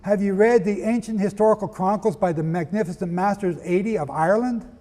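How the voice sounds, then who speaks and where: A Bible teacher delivers a lecture-style sermon, reading quotations aloud and putting questions to the audience. His voice sits high with a dark tone, and he talks fairly quickly. The recording carries a long hall reverb.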